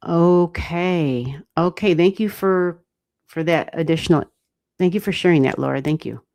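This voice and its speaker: An American woman giving astrology readings on a livestream, thinking aloud and chatting with viewers in a relaxed way, with the odd swear word. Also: fairly low pitch, unhurried. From United States. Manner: thinks aloud, talks to chat, mild swearing. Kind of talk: casual livestream chat.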